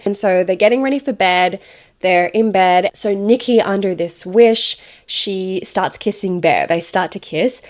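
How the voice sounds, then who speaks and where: A woman's voice: medium pitch, moderate pace. A woman reviewing a horror film, chatting enthusiastically as she retells its plot scene by scene.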